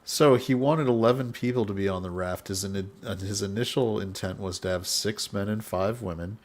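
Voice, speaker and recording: Low-voiced man telling a history story. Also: normal speed, darkish tone. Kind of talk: casual storytelling.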